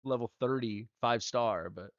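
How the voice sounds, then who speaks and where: Low gravelly dude rambling casually on a game stream, kinda muffled dry mic. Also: male voice, a little slow, a bit bright, no room sound. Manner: rambling, playful, filler-heavy. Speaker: streamer playing a mobile game. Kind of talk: casual livestream chat.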